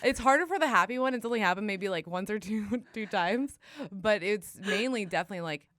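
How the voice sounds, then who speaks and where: A woman's voice: mid-range voice, animated, brisk, a bit bright, dry recording, studio quality. A young adult woman co-hosting a podcast, talking candidly in casual chat, swearing freely and laughing often. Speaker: podcast co-host.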